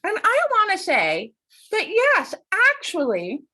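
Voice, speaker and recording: A woman who works as an academic coach, talking casually to camera as the host of her show. She talks expressively, with wide swings in pitch and frequent laughter. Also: huge pitch swings, takes it slowly, pushed and bright.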